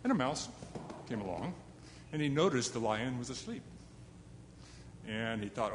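A man's voice: mid-range voice, animated, moderate pace, a little hiss or hum. Man telling a fable in a reverberant hall. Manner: chatty and self-deprecating, with asides to listeners. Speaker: storyteller. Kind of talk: telling a fable to a young audience.

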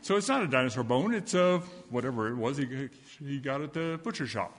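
A man's voice: fairly quick, lightly acted. A man voicing a chatty dog who protests that the bone is his. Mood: protesting. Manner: high, excited, matter-of-fact protest. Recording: echoey hall with long reverb.

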